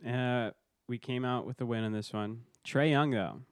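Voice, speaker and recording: A man chatting casually on a sports podcast. He is excitable and laughs a lot. His voice is mid-pitched and the recording is dry and close. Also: normal speed, no room sound. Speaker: podcast co-host.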